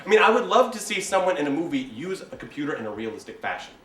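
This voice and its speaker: A young man giving a comic, animated oral interpretation performance in a competition. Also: on the high side, quick pace. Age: young adult. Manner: animated, comic, exaggerated storytelling. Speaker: speech competitor. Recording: roomy hall, distant mic, faint ambience.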